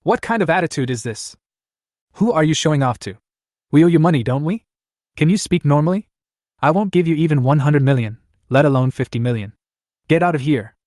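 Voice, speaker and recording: A man's voice: fairly high pitch, lively intonation, fairly quick, a little mellow, dry recording, studio quality, close to an everyday voice. A man voicing a gloomy, stern middle-aged father who scolds bluntly. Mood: scornful.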